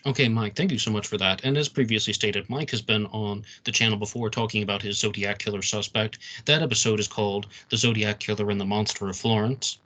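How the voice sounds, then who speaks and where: Low-pitched man hosting a podcast. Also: fairly even intonation, brisk, hardly any pauses, bright, forceful tone. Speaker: podcast host. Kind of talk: interview questions.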